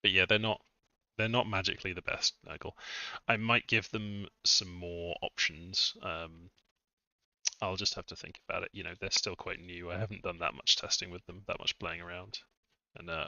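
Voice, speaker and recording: A man's voice: deep voice, fairly even intonation, normal speed, creaky, bright, forceful tone, dry recording. A man casually commentating his own game-testing stream, chatty and self-mocking, with muttered asides. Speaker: game modder streaming a test session. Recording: dull, slightly lo-fi dry mic.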